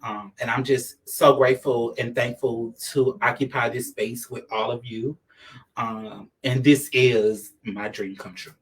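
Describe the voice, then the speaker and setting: A man's voice: mid-range voice, steady tone, unhurried, distant mic, rough recording. A man giving a heartfelt, tearful thank-you speech at a community anniversary event, repeating himself as he talks. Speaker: community leader being honored.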